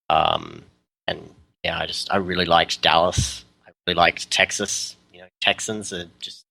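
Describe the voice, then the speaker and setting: Man, Australian accent, deep, bright, podcast guest, easygoing, laughs often. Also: creaky, no room sound. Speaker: guest, custom terrain maker. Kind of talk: casual podcast interview.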